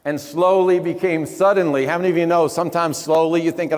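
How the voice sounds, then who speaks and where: A man giving a live motivational sermon in a large event hall. He talks emphatically, asks the audience questions, and often drops to hushed tones. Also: a little high, a little fast. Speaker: motivational speaker. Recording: long hall reverb.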